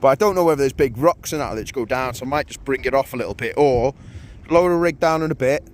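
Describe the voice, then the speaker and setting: A fishing video host trades casual, jokey banter on his vlog, laughing often and teasing his mate. His voice is mid-range and he talks fast.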